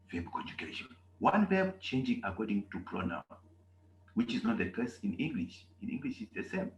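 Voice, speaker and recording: A man teaching a German language class, explaining slowly with drawn-out, repeated examples. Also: fairly low pitch, very animated, roomy sound, slight background noise, poor audio. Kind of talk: classroom lesson.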